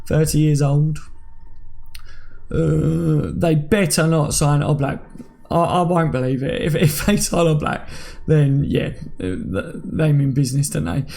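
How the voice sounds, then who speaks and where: A man's voice: a little high, a little slow, vocal fry, darkish tone. A man in his thirties hosting a casual live stream, chatting with viewers and reading out their comments by name. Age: 30s. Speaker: livestream host.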